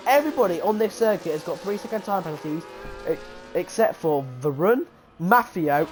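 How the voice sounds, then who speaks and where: A man giving live race commentary, excitable and jokey, swearing and tossing in slang as he banters with his co-commentator. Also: sits high, normal speed, faint music behind, low-quality recording. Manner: excitable, sweary, jokey, keeps tagging "bruv". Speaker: sim racing commentator.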